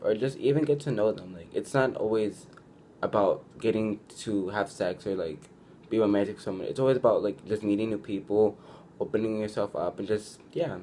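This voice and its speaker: There's a faint hiss or hum under this lowish, warm male voice. A young vlogger casually advises his viewers, filling his chatty talk with "like," frequently restarting sentences, and performing quoted lines.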